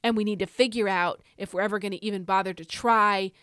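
A middle-aged woman hosting a faith podcast, delivering an emphatic, preacherly exhortation that swells into shouts. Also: mid-range voice, fairly even intonation, fast talker, clean tone, no room sound, clean studio sound. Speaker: podcast host. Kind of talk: fiery devotional exhortation.

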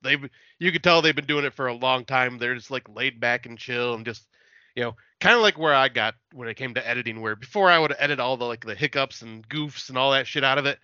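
A man's voice: medium pitch, fairly quick, bright, forceful tone, no echo, lo-fi sound. A man chatting casually as a podcast guest, telling stories in a laid-back way, swearing and laughing often.

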